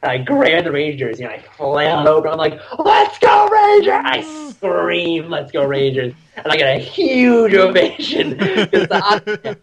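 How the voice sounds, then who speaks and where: A young man in his twenties, a podcast guest, chatting casually and telling lively stories full of laughter and shouted quotes. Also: fairly high pitch, moderate pace, few pauses, poor audio. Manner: animated storyteller, laughs often, acts out shouted quotes. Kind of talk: casual chat.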